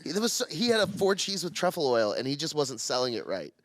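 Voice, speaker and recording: A man's voice: a little high, big pitch swings, brisk, no echo. A man co-hosting a casual podcast, swearing and bantering. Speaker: podcast co-host.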